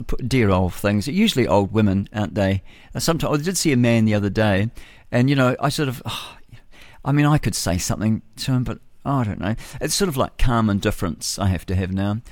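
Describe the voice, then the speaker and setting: Middle-aged man, New Zealand accent, breakfast radio host, chatty and opinionated, low-pitched, dry studio mic. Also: a little mellow, no room sound. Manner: chatty, opinionated, laughs at own jokes. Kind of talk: rambling talk-radio monologue.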